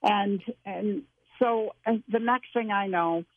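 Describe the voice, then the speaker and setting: A woman's voice: medium pitch, takes it slowly, a little hiss or hum. Woman telling her story over a tinny line. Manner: emotional, expressive storytelling. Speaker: guest.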